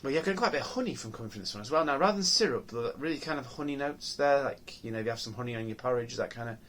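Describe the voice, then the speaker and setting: A man's voice: mid-range voice, expressive, very fast, fairly bright tone, slight background noise. A man reviewing beer on his own channel, talking casually and musing aloud with many ums, restarts and rhetorical questions.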